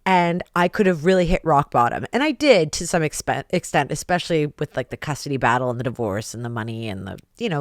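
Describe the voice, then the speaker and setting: A woman's voice: low voice, clean tone, no echo, studio quality. A woman hosting a podcast, a pro wrestler speaking openly and candidly, swearing casually.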